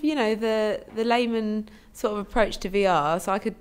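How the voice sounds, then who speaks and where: Woman, thirties, slight lisp, stuffy with a cold, sing-song, excitable co-host. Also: medium pitch, moderate pace, clear, resonant tone. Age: 30s. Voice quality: slightly lisping. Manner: excitable, chatty, many fillers. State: has a cold. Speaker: co-host of an improvised podcast. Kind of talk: casual chat.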